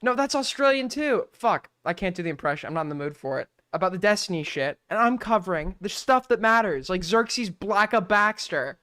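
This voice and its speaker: A man's voice: sits high, animated, a little fast, few pauses, pushed and bright, clean tone. A man streaming and reacting to a video with rambling, profane and mocking commentary.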